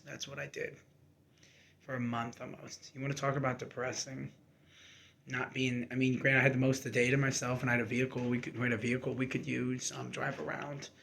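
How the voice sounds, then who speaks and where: A man's voice: medium pitch, vocal fry, fairly bright tone, a little hiss or hum. Candid man telling a painful story. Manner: candid and emotional, rambling with fillers and restarts. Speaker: army reservist sharing his story. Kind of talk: personal storytelling to camera.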